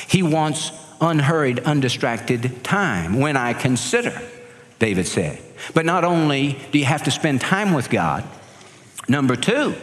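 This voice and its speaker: A pastor giving an emphatic, animated sermon. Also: male voice, a little high, in a large hall.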